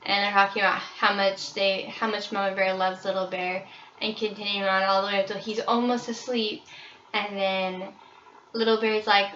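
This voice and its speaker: Young woman, book presentation, casual with ums, bright tone, lo-fi sound. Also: medium pitch, little pitch movement, normal speed, recorded from a distance, a little hiss or hum. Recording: roomy, slightly dull recording.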